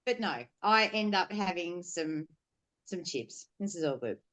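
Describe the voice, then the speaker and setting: A woman speaks as a podcast guest, telling a personal story openly. She is blunt and swears freely, rambling with plenty of fillers in a somewhat low voice. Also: expressive, measured pace, a bit bright. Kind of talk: candid storytelling conversation.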